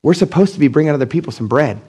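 Husky, blunt middle-aged male preacher. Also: animated, racing, dark tone. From Pennsylvania. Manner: casual, blunt, acts out quoted people with big pitch jumps. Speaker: pastor. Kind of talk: sermon. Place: church.

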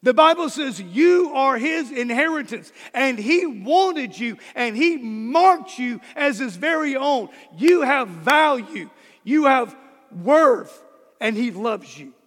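A man preaches with a strikingly high voice, taking his words slowly and with weight. He hammers home key words by repeating them. His voice rings out with a long reverb, as in a large church hall. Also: lively intonation, a bit bright. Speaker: pastor. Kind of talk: sermon.

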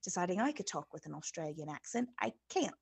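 A woman's voice: on the low side, sing-song, fairly quick, gravelly, slightly rough. A woman co-hosting a podcast, chatting casually with jokes and swearing. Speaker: podcast co-host. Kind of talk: casual chat.

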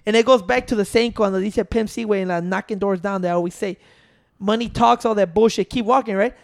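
Gravelly man arguing. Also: high-pitched, fast. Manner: insistent, keeps restarting to hold the floor. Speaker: podcast co-host. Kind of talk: casual profane debate.

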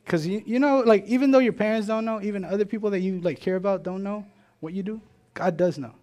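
A man's voice: sits high, fast, darkish tone. A man preaching a casual, conversational sermon who keeps checking in with "right?" and acts out little everyday dialogues.

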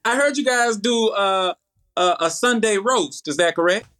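A man in his thirties with a Southern US accent, chatting as an interview guest, lively, with halting restarts and easy laughter. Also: high voice. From United States. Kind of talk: casual interview chat.

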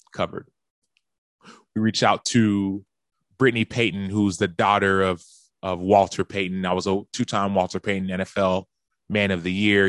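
Lower-voiced man telling an animated story. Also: no room sound. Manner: animated storyteller who acts out quoted phone calls in a raised voice. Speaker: podcast speaker telling a story. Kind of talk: storytelling monologue.

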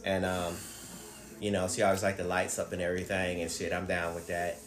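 A man telling stories in casual chat, profane and animated, acting out what people said. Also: low-pitched, a little fast, reverberant. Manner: profane, animated storyteller who acts out quotes.

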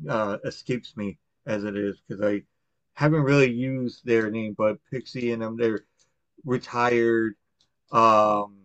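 Here the Long Island podcast host sounds on the low side and a bit bright, swearing and rambling through a casual chat with frequent fillers and restarts. His recording is lo-fi, dull and dry, with no room sound.

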